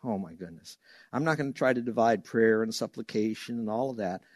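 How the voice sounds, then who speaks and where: A man preaching a sermon as a pastor, telling stories with lively acted-out voices. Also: fairly low pitch, fairly quick, no room sound. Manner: animated storytelling, acts out voices loudly.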